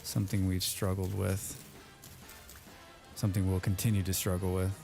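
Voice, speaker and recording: A man's voice: low voice, flat delivery, moderate pace, creaky, darkish tone, faint music behind. Rambling man playing a game. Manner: rambling, repeats words, playful. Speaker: let's play host. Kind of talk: casual gameplay commentary with friends.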